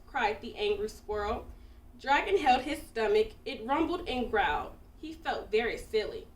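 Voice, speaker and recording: A woman reading a children's picture book aloud with expressive, animated storytelling, in an echoey room away from the mic. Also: on the high side, moderate pace, recorded from a distance. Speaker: storybook reader.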